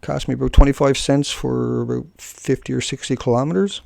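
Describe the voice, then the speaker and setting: A man ranting in a live video blog, combative and scornful, then drifting into joking asides. His mid-range voice carries a gravelly rasp. The sound is dry, with little room around it. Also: mid-range voice, fairly even intonation, a little fast, mellow, no echo. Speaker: video blogger. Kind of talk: live-streamed rant to viewers.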